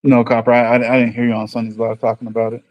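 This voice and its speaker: A man's voice: mid-range voice, monotone, quick pace, no room sound, muffled recording. A man with a New York accent chatting casually with viewers on a livestream. He rambles and thinks aloud in an easygoing way. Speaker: livestream host.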